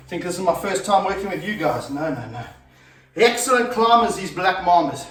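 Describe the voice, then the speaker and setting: Man, middle-aged, high voice, out of breath, roomy echo, a bit distant from the mic. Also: fairly quick, faint music behind. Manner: energetic, breathless, coaxing the snake between explanations. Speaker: snake handler and vlog host. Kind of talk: casual talk to camera while handling a snake. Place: echoey room with slippery floors, indoors.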